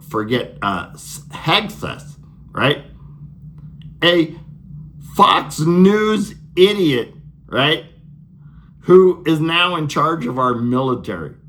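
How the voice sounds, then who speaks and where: Bright, animated man ranting sarcastically. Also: a little high, slight background noise. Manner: sarcastic, profane, laughs at own jokes. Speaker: political vlogger. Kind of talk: angry political rant.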